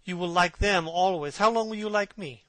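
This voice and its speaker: A man's voice: high-pitched, moderate pace, fairly bright tone, no echo, voice pushed up. A man reading aloud, voicing a vain, beautiful young man in a passionate, pleading way. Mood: anguished. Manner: impassioned, pleading.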